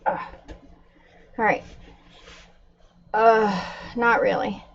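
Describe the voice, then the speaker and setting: A woman's voice: mid-range voice, measured pace, highs cut off. A woman livestreaming to her viewers in casual chat, a little out of breath and upset. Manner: upset, talking to viewers while calming pets.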